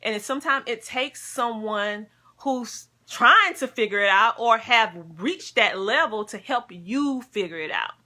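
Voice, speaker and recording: Bright-voiced earnest woman vlogger. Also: medium pitch. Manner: earnest, heartfelt, chatty. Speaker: wellness coach and homeschooling vlogger. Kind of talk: casual talk to camera.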